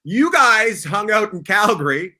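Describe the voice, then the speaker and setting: A man's voice: high-pitched, very animated, a little slow, pushed and bright. A male host teasing his guests and swearing freely in a casual comedic chat over a video call.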